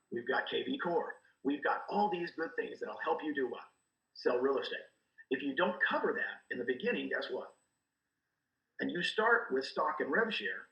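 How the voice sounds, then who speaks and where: A middle-aged man giving energetic coaching talk as a guest, acting out quoted dialogue as he goes. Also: a little high, roomy sound, lo-fi sound. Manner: animated, acts out quoted dialogue. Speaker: guest, real estate recruiter.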